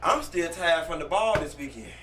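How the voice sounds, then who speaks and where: A man appearing as guest judge on a live stream show, flamboyant and loud, laughing through his stories. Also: on the high side, animated, moderate pace, noisy background. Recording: distant mic with music behind.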